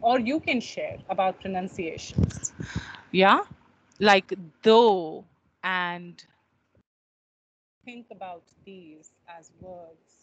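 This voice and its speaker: A woman's voice: medium pitch, takes it slowly, pauses often, a bit bright, slight background noise, poor audio. A woman with an Indian English accent gives an online class lecture, explaining in a teacherly way with many uh fillers and often checking in with her students. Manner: explanatory, with frequent checking questions.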